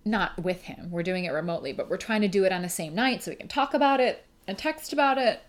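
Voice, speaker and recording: A woman's voice: mid-range voice, lively intonation, quick pace. A young adult woman hosting a podcast, reading a listener email aloud and chatting in a rambling, emotional way, laughing through tears. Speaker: podcast host.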